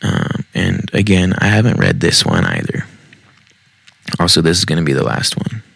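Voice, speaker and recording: A man reading Reddit stories aloud in a deep, heavily gravelly voice with a husky edge. He talks casually, dropping wry, swearing asides between passages. The recording is dry and close, made at home in a basement. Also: sing-song, normal speed, fairly bright tone, no echo.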